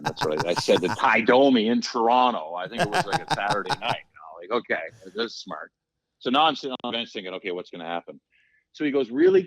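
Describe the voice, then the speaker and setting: A man with a fairly low voice tells stories in a loose, conversational way. He jumps into the voices of the people in his anecdotes. The sound is dry and a little dull, with no room echo. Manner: animated storyteller, acts out quotes. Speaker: podcast guest, former hockey player. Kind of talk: casual storytelling.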